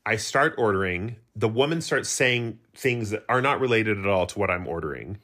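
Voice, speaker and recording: A woman's voice: very deep voice, moderate pace. A middle-aged woman co-hosting a podcast, chatting casually and acting out funny stories with quoted voices and plenty of swearing. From Utah. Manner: animated storyteller acting out quotes, swears freely. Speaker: podcast co-host. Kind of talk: casual chat, storytelling.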